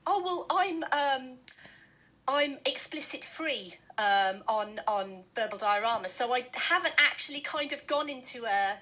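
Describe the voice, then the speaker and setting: A woman's voice: fairly high pitch, lively intonation, moderate pace, bright, forceful tone, highs cut off. A woman from England with a London accent, a podcast guest who giggles often and hesitates with fillers. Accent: British, London. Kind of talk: casual podcast chat.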